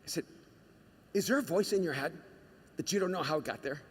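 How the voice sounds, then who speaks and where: A male pastor delivering a dramatic sermon, moving between hushed storytelling and shouted urgency. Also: a little high, lively intonation, fairly quick, slightly rough, long reverb tail.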